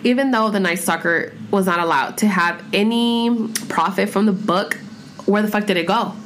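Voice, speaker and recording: A woman in her thirties chatting casually at home as a podcast host, rambling and expressive, with heavy swearing and filler words. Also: mid-range voice, normal speed, slight background noise. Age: 30s. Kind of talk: casual chat. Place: home room with pets.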